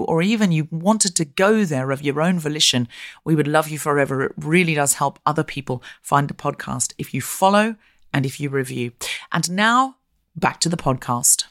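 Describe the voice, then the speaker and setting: Lower-voiced Australian-raised woman host. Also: fairly bright tone. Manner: chatty, self-deprecating, laughs often. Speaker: podcast host. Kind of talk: casual chat. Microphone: remote podcast recording.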